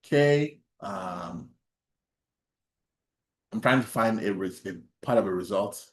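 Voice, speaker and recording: A man's voice: fairly low pitch, expressive, slow, roomy sound. Man teaching a statistics workshop. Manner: asks the class questions, laughs softly, many restarts. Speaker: instructor. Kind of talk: online statistics workshop lecture.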